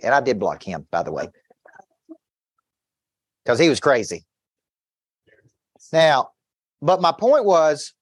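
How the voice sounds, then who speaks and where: A man's voice: mid-range voice, dry recording, clean studio sound. A man who works as a business coach, giving an intense motivational seminar talk to an audience, telling stories with quoted back-and-forth dialogue and repeating words as he pushes his points.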